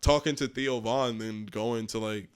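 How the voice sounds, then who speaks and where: A male comedian as a podcast guest, trading quick jokes in casual chat. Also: on the low side, steady tone, clear, resonant tone. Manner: quick jokes, lots of "yeah" and laughter.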